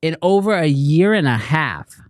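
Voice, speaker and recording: A man's voice: on the high side, sing-song, measured pace, no echo, studio quality. A middle-aged man hosting a casual live show, playful and joking, laughing often. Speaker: podcast host.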